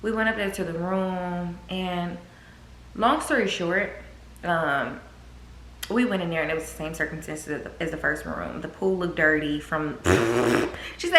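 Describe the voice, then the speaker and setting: A woman's voice: fairly low pitch, moderate pace, a little hiss or hum. A woman, telling a storytime vlog with swearing and acted-out quotes. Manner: animated, swearing, acts out quotes. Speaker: vlogger. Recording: echoey room.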